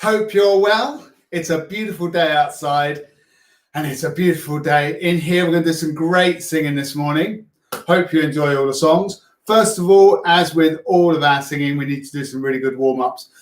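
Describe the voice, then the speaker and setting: A man teaching primary school music, leading children's warm-ups with upbeat, playful, coaxing instructions. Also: on the high side, normal speed. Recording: echoey room.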